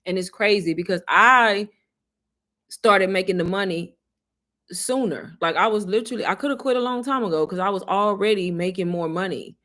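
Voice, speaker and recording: A woman, casually telling her viewers a story, chatty and animated, often laughing. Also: medium pitch, moderate pace. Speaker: online business creator.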